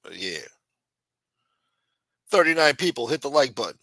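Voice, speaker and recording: A man's voice: medium pitch, sing-song, normal speed, pushed and bright, no echo. A man hosting a casual late-night livestream, trash-talking a rival with profanity and greeting viewers in the chat by name. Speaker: livestream host.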